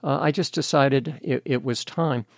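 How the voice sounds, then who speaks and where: An older man from the United States speaks as an interview guest, with a gravelly, creaky edge to his mid-pitched voice. He tells his story candidly and steadily, recorded close and dry. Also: moderate pace, no echo. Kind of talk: interview conversation.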